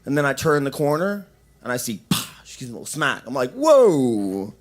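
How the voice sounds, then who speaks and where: A man's voice: mid-range voice, animated, fast talker, a bit bright. A young man doing open mic stand-up in a coffee shop, rambling with lots of restarts and fillers. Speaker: stand-up comedian.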